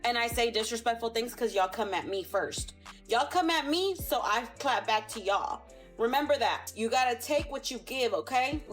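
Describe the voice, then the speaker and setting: Woman livestreamer, high voice, rambling defensive rant to viewers, faint music.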